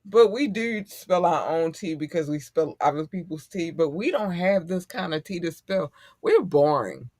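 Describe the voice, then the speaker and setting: A middle-aged man hosting a casual podcast chat, animated and profane and quick to laugh. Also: on the high side, no echo, clean studio sound. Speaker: podcast host.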